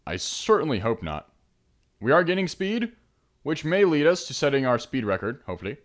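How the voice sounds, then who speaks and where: A young man casually commenting on his own gameplay, chatty, trailing into mumbles and then breaking into excited shouts. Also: mid-range voice, fairly quick. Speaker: let's play host. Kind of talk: game commentary.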